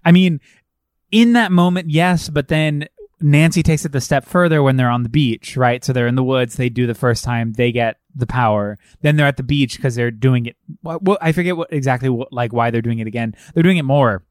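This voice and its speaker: A man's voice: mid-range voice, brisk, no echo, clean studio sound. A man in a casual chat about a film, retelling scenes by acting out the characters' lines and swearing freely.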